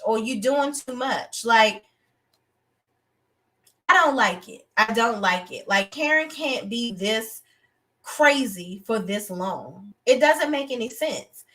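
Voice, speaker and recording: A young woman hosting a live TV review stream, talking in a blunt, animated, outspoken way with features. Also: on the high side. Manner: animated, outspoken, breaks into acted voices of characters. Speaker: TV review show host.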